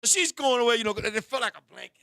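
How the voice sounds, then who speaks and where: A man hosting a talk show, telling a raunchy story in an animated way, bursting into shouts and turning to his co-host again and again. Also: extremely high pitch, rapid-fire, creaky, dry recording, clean studio sound.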